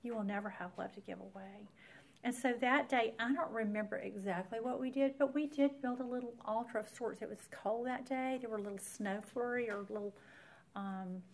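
A woman's voice: a little high, moderate pace. A woman, earnestly telling a personal faith story to an audience as a Bible teacher. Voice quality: earnest storyteller who speaks straight to the audience. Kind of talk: personal faith testimony talk.

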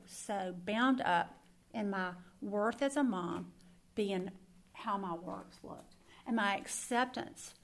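Gravelly-voiced woman giving testimony. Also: medium pitch, a bit bright. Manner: earnest, emphatic, confiding, repeats words for stress. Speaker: Christian speaker. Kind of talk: personal testimony sermon.

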